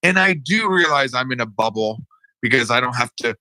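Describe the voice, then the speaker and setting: Bright, animated man talking shop. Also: mid-range voice, no echo, rough recording. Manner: animated, halting with restarts and frequent laughs. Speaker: co-host. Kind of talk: casual podcast conversation.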